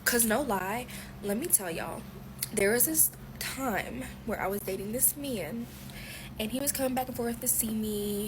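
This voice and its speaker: A woman telling a personal story to her viewers, animated and excitable, with swearing. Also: on the high side, background noise. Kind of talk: storytime, casual chat.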